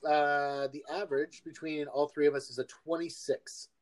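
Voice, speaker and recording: A man hosting a podcast in casual chat, laid-back and pausing often with ums. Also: fairly high pitch, little pitch movement. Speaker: podcast host.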